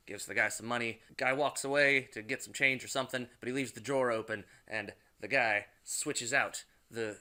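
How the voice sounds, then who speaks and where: A man's voice: mid-range voice, moderate pace, few pauses, bright, forceful tone. A man casually recapping a movie plot, rambling and loose, with plenty of swearing. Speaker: movie reviewer.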